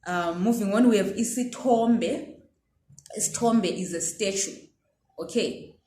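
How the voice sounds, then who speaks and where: A language teacher from Zimbabwe gives a pronunciation lesson in a mellow, medium-pitched voice, speaking a little slowly. The sound is reverberant, and she patiently checks in with her listeners as she goes.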